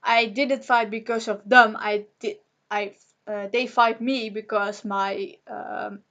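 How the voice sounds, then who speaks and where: A young woman vlogger rambling to the camera in an emotional personal monologue, halting, with nervous laughter, upset. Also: mid-range voice, fairly even intonation, gravelly, fairly bright tone.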